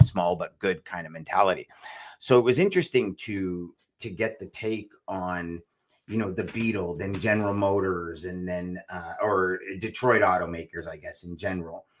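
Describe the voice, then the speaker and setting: A man's voice: deep voice, moderate pace. A man co-hosting a podcast, talking in a loose, rambling way and calling his co-host "brother". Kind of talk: casual podcast chat.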